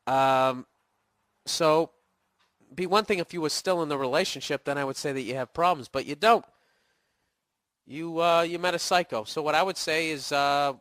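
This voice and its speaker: A man's voice: animated, moderate pace, long pauses, fairly bright tone, no echo, studio quality. A middle-aged man with a Boston accent hosting a podcast, ranting profanely and sarcastically through a listener's email while he gets over a cold. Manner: sarcastic, mocking falsetto impressions. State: getting over a cold, voice cracking. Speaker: comedian podcast host answering listener email. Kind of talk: profane comedic advice rant.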